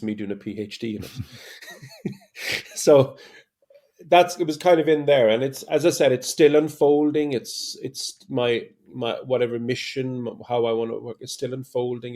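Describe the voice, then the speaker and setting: Guy on a podcast, warm mellow voice, animated storyteller, lots of restarts. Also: mid-range voice, moderate pace. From Ireland. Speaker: guest. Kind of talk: casual podcast conversation.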